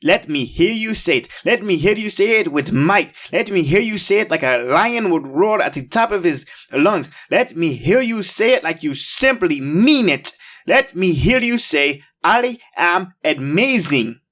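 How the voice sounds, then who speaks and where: Male kids' show host, high and animated, slow and emphatic, coaxing. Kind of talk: upbeat kids' show hosting.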